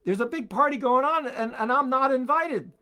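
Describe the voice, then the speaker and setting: A man voicing an indignant old male hobo who shouts in a strained high voice. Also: animated, normal speed, full character voice.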